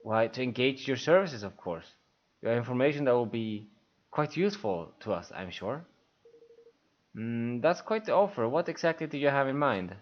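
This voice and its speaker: A man's voice: mid-range voice, animated, normal speed, muffled recording, natural voice. A man voicing a scheming royal emissary in a game, reading his lines in a silky, sly way.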